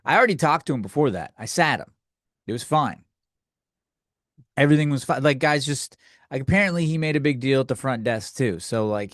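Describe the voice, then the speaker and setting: A man's voice: medium pitch, a bit bright, dry recording, studio quality. A man hosting a podcast, delivering a comedic rant in a provocative, offhand way and brushing things off as jokes. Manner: provocative, offhand, quick to say just kidding. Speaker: podcast host.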